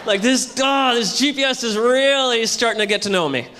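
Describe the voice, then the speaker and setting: A man doing a loud, punchy stand-up comedy set on a hotel ballroom stage, with a live audience audible. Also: extremely high pitch, normal speed, noisy background. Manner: loud, punchy delivery to a crowd.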